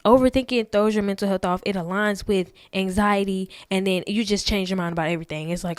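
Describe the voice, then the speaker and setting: A woman's voice: mid-range voice, fairly even intonation, a little fast, smooth, no room sound, studio quality. A young woman hosting a podcast, talking to listeners in a chatty, earnest way. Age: young adult. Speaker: podcast host. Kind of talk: casual talk.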